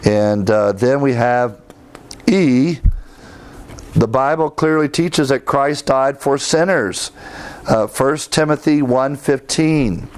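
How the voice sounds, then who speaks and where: Male Bible teacher, mid-pitched voice, lecturing and quoting scripture with emphasis. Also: slow pace, clean tone. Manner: reads verses aloud with emphasis, conversational asides. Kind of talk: theology lecture.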